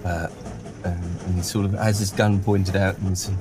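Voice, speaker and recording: A low-voiced man running a tabletop game as game master. He narrates in fits and starts, with lots of fillers and restarts as he works out what happens next. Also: little pitch movement, moderate pace, over music.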